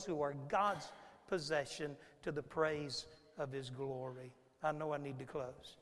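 A middle-aged man preaching a sermon in a church, moving between loud emphatic declarations and hushed, intimate passages. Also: on the high side, fairly even intonation, measured pace. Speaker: pastor. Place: church sanctuary. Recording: reverberant sanctuary sound.

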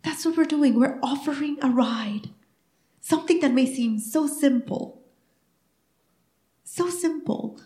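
A middle-aged woman preaches to her congregation, slipping into playful back-and-forth dialogue as she tells her stories. Her voice sits a little high and carries through a roomy church sanctuary that rings with echo. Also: slow, pauses often. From Mexican heritage. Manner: animated storytelling, acting out dialogue. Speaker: pastor. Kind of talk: sermon. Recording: echoey church room.

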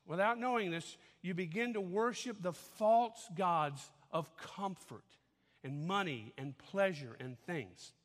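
Bright-voiced preacher in an echoey hall. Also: male voice, high voice. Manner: conversational preaching, asks audience to follow along. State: out of breath after dancing. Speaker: pastor. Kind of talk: sermon.

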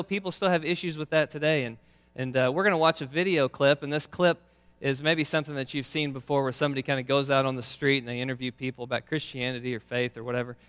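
A man's voice: fairly high pitch, fairly bright tone, clean tone. A man preaching a sermon, telling a personal story in a casual, conversational way. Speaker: pastor. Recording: long reverb of a large hall.

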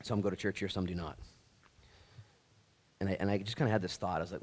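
A man preaching a sermon as pastor, conversational with restarts, swinging from quiet reflection to loud, rallying exhortation. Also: low-pitched, fairly even intonation, quick pace. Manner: conversational, with restarts and folksy asides. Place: church.

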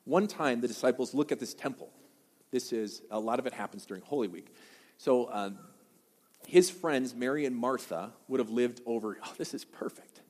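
A man preaching a sermon as pastor, talking fast and conversationally with sudden loud bursts. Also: medium pitch. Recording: long hall reverb.

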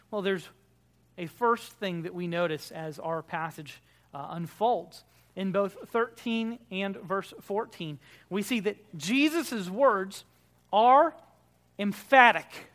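A man, a Baptist pastor preaching a sermon, emphatic and swinging between loud declarations and quiet, soft prayer. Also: high voice, takes it slowly.

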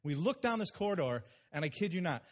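Brief: man in middle age, pastor, lively storytelling sermon, high voice. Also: fast. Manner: animated, acts out quoted people.

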